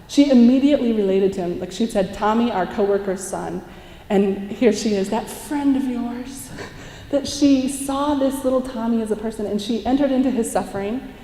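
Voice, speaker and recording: A woman at a conference gives an inspirational talk to a live audience in a large hall, telling stories with animation, acting out quotes and laughing often. Her voice is on the high side, and the recording sounds echoey and distant.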